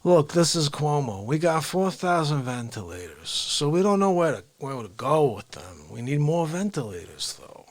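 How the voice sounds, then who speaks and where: A man doing an impression of a laid-back male New York politician, speaking low and slow with a New York accent. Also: big pitch swings, no room sound. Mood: gruff.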